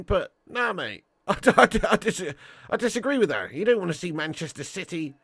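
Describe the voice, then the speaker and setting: A man hosting a live football watch-along, giving commentary and reading out chat in an excitable, slangy way with indignant outbursts. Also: sits high, a little fast, no echo, studio quality. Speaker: match watch-along host.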